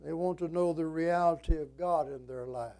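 At an evening church service, a man with a fairly high pitch delivers a slow, deliberate sermon, his strong preaching cadence rising emphatically and then dropping to a hush.

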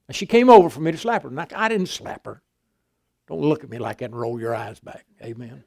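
An older man preaching a sermon, swinging from loud emphatic declarations to quiet, folksy storytelling. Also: medium pitch, lively intonation, brisk, creaky.

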